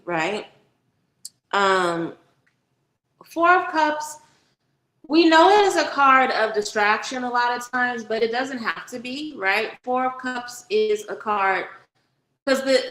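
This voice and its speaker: A woman's voice: medium pitch, fairly bright tone, reverberant, low-quality recording. A woman hosting a casual livestream, chatting directly with viewers and giving a tarot reading, swearing freely. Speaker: spiritual reader and livestream host.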